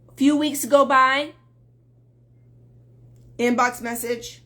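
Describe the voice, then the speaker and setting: A woman's voice: fairly high pitch, fairly even intonation, a little slow, a bit bright. A woman dating coach talking on a live stream, earnest and emphatic, greeting viewers as they join.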